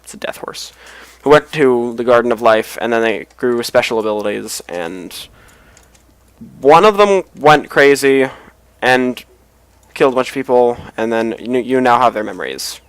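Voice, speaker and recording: A man's voice: medium pitch, expressive, normal speed, clear, resonant tone, dry recording, low-quality recording. A tired man casually rambling as he comments on a game he is playing, with mumbled asides. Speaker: let's play host.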